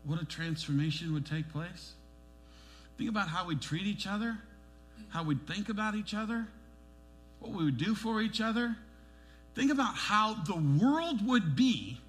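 A middle-aged man preaching a sermon as a pastor, animated, pushing his emphasis upward and acting out the voices he quotes. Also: high-pitched, moderate pace, soft background music.

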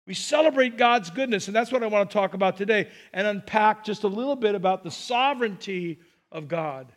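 Brief: high-pitched male pastor, chatty sermon delivery, rhetorical questions to the congregation. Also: brisk. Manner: conversational preaching with rhetorical questions. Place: church sanctuary.

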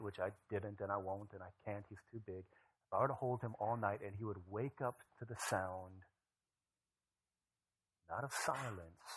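A man in his thirties, a pastor preaching a sermon, telling stories and moving from animated asides to a soft, hushed voice. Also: on the low side, low-quality recording. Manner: storytelling, animated then dropping to a soft hushed voice.

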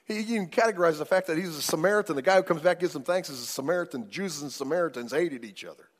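A man preaching a sermon as pastor, emphatic, swinging widely in loudness and pace. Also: fairly high pitch, very fast, hardly any pauses. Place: church sanctuary. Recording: long hall reverb.

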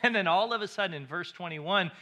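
A man's voice: high-pitched, a little fast, sharp tone. A male pastor preaching a sermon, emphatic and repeating phrases for stress.

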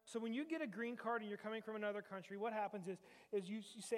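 A man's voice: high voice, fairly even intonation, quick pace, hardly any pauses, soft background music. A man in his thirties, a pastor delivering a sermon in a conversational style, repeating key lines for emphasis. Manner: conversational preaching with emphatic repetition.

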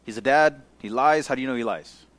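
A man's voice: mid-range voice, brisk, fairly bright tone, no room sound. Slangy, conversational man preaching. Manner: conversational, slangy, keeps checking in with listeners. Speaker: pastor. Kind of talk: casual Bible-study sermon.

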